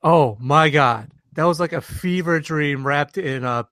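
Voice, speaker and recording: A man's voice: on the high side, unhurried, fairly bright tone, no echo, studio quality. Jokey man laughing through a chat. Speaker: podcast co-host. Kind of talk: casual chat.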